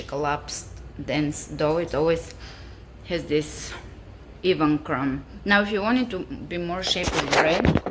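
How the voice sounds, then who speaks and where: A woman chatting enthusiastically in a casual cooking vlog, tasting her own baking as she talks. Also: deep voice. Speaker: home baker. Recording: echoey room with faint background noise.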